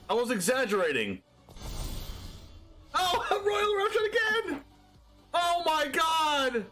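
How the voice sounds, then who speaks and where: A guy doing high, excitable card-game commentary. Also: slow pace, soft background music. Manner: excitable, yelps and laughs, talks to himself.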